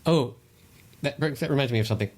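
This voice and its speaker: A man's voice: mid-range voice, fast talker, a little mellow, slight background noise. A man co-hosting a podcast in casual chat, giving meandering explanations with many restarts. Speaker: podcast co-host.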